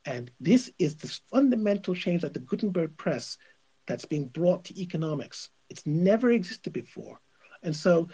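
A man's voice: on the high side, big pitch swings, normal speed, warm tone, breathy edge, muffled recording. A male radio host giving opinionated commentary, emphatic and insistent, repeating his points.

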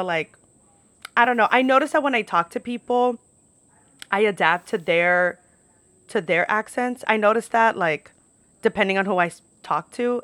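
A young woman from New York talks through her stories at a relaxed, rambling pace, peppering everything with "like" and the odd curse word. Her voice sits at an ordinary middle pitch. The recording is dry and close, with no room sound. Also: no room sound. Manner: chatty, lots of "like", profane asides. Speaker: podcast host. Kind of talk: casual storytelling monologue.

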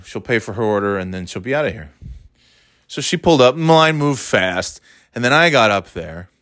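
Speaking in a lowish, smooth voice, a storyteller recounts a casual anecdote full of swearing, sounding tired and exasperated. He's animated, mocking people's voices in quoted asides. The studio-quality recording has no echo.

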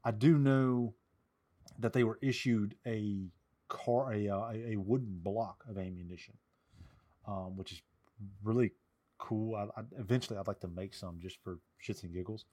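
A man's voice: fairly low pitch, steady tone, normal speed, dark tone. A man co-hosting a podcast in casual chat, a Civil War reenactor who jokes around and explains old gear step by step.

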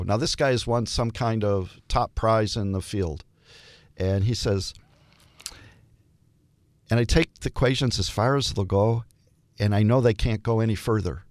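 An older man, a hospital chaplain, telling stories in an interview and acting out the dialogue with lively shifts in voice. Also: fairly low pitch, no echo. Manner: animated storyteller, acts out dialogue. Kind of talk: storytelling interview.

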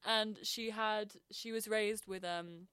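A woman's voice: mid-range voice, fairly even intonation, slow pace, fairly bright tone, clean tone, dry recording. A young adult woman, rambling through an improvised comic story and giggling often. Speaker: improv comedian.

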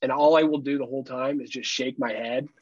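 Male podcast co-host, husky, jokey and profane, dull dry recording. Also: medium pitch, steady tone, a little fast, darkish tone, dry recording. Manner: joking, swears freely, acts out mock quotes. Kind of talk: casual podcast chat. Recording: slightly dull dry sound.

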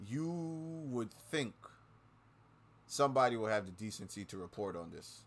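A man hosting his own show, ranting angrily with constant swearing and repeating lines for emphasis. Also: normal speed. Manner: swings between low mutters and loud outbursts. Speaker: podcast host. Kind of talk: profane political rant.

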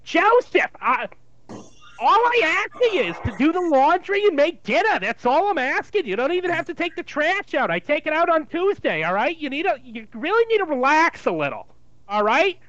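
A man voicing an older nagging mother in a put-on New York Jewish accent, high and whiny. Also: sing-song, moderate pace, fairly bright tone, no room sound. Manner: high shrill whiny scolding. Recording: dull dry lo-fi sound.

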